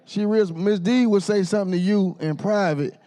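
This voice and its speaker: A man's voice: high-pitched, moderate pace, mellow. A man emceeing an awards event, joking and teasing the crowd. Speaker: master of ceremonies. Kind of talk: comedic emcee roast.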